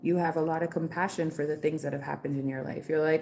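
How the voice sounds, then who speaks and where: A woman's voice: deep voice, fast, creaky, hardly any pauses, warm tone, a little hiss or hum. Chatty, slangy woman reading tarot live. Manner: chatty, slangy and playful, with frequent "like" and "okay". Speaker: tarot reader.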